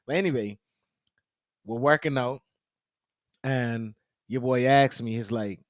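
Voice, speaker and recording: A man tells stories on a podcast, his voice leaping up when he gets excited and dropping low for asides. He talks loosely and slangily, close to the mic in a dry, dead room. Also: a little slow, no room sound. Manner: animated storyteller, quotes people in his own voice; loose slangy talk with frequent "you know what I'm saying". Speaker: podcast co-host. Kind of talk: casual chat.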